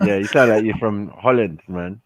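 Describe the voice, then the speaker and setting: A man's voice: fairly low pitch, moderate pace, a loud crowd. A man, a friend of the streamer, teasing and laughing in casual banter.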